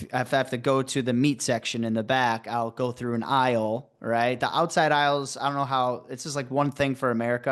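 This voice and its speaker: A man's voice: mid-range voice, smooth. A man hosting a podcast, chatting casually and rambling with lots of filler words. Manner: rambling, heavy use of "like" and restarts. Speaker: podcast host. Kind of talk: casual interview chat.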